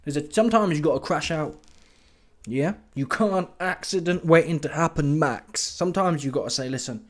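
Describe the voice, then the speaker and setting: Slightly high-pitched bloke, animated football reaction host, mocking and slangy. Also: male voice, moderate pace. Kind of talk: casual ranting reaction.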